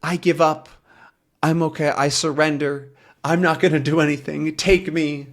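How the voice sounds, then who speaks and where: A man's voice: high voice, animated, slow pace, voice pushed up. A cowardly henchman from a comic book, who whines and pleads, as a man puts him on. The voice is pushed well above the reader's own and moves up and down a lot. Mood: pleading. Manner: whiny and pleading. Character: cowardly male henchman, scheming then pleading.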